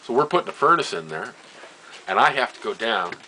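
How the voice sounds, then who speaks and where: This older man from Nova Scotia tells family tales casually in a sing-song, medium-pitched voice that is sharp in tone and a little fast. He chuckles often and trails off, repeating phrases. The audio is poor, with slight background noise.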